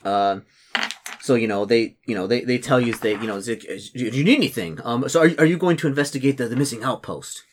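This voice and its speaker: A young man runs a tabletop game, his talk full of ums, likes and restarts as he feels his way through the scene. His pitch sits in an ordinary middle range, and he narrates in a loose, casual way. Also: fast. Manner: rambling, lots of fillers and restarts. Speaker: game master.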